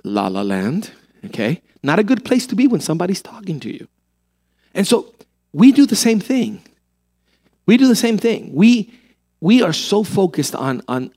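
A man preaching a sermon as a pastor, animated and full of rhetorical questions. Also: fairly high pitch.

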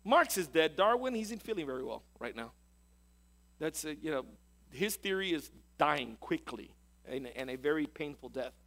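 Emphatic preaching man, fairly high voice. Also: lively intonation, moderate pace, vocal fry. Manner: emphatic and sarcastic, rising to loud peaks. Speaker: pastor. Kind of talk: sermon.

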